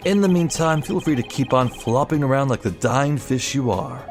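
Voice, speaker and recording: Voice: mid-range voice, normal speed, soft background music, natural voice. A voice actor playing a smug, gloating man who taunts in a mocking drawl, in an amateur video game voice-over.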